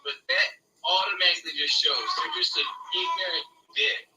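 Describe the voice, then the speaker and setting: A man's voice: high-pitched, wildly swooping pitch, moderate pace, over loud music. A middle-aged man in casual chat, blunt, indignant and profane. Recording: distant with faint noise.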